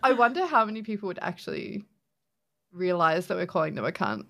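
Woman, Australian accent, podcast co-host, casual chat, animated intonation, laughs a lot. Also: on the low side, fairly quick, vocal fry. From Western Sydney, Australia. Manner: chatty, laughs often.

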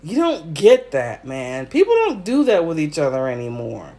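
A man's voice: a little high, huge pitch swings, normal speed, mellow. A man hosting a casual solo podcast, teary, emotional and effusive, with frequent ums. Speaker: podcast host.

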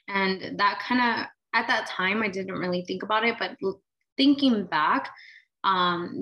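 A woman's voice: medium pitch, fairly bright tone, poor audio. A woman in her late twenties or thirties telling a personal story in a candid, casual way, full of "like" and "right?" fillers. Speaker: vlogger sharing her story.

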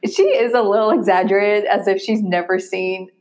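A woman's voice: mid-range voice, fairly even intonation, a little mellow. Laughing woman in casual movie chat. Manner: laughs often, quick asides. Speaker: co-host.

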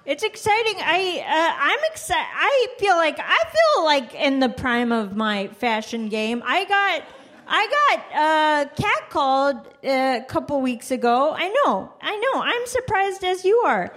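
A woman does a stand-up set, poking fun at herself in a halting way and restarting her sentences often. Her voice is high and light. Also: very animated, a bit bright. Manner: halting, self-deprecating, with many restarts. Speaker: stand-up comedian guest. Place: live comedy show before an audience.

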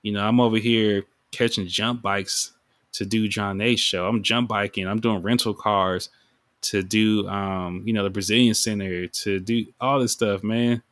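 In a lowish, steady, slightly bright voice at a measured pace, a music artist reflects on his music on his own podcast. He rambles with feeling and uses a lot of fillers, and the recording carries no room sound.

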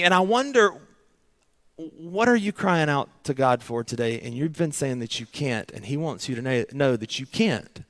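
A man's voice: a little high, lively intonation, moderate pace. A man preaching a sermon, earnest and dramatic, acting out pleading prayers in short repeated phrases.

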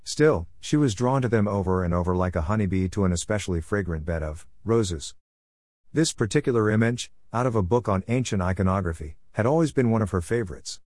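Guy reading a novel aloud, lowish voice, steady and descriptive. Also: no room sound, clean studio sound. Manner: measured, descriptive storytelling. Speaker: audiobook narrator. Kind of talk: scripted narration.

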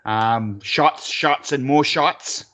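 A man's voice: mid-range voice, extremely slow, pushed and bright. An Australian man chatting casually as a podcast co-host, telling rambling stories full of swearing and restarts. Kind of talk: casual chat.

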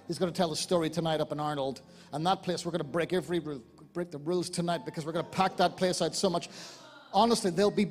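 An Irish man preaches to a church congregation, his voice pitched high for a man. He swings from fervent, loud exclamations to soft, hushed appeals. The sound carries a long hall reverb, with quiet music underneath. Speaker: lead pastor. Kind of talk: sermon.

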